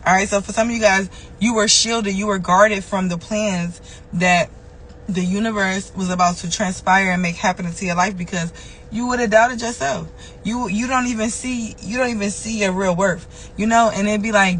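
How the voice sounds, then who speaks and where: A woman's voice: mid-range voice, normal speed, a bit bright, slight background noise, poor audio. A woman giving a loose, conversational tarot reading. She curses freely and repeats phrases for emphasis. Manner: loose and conversational, with frequent swearing. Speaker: tarot reader. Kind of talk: casual spiritual tarot reading.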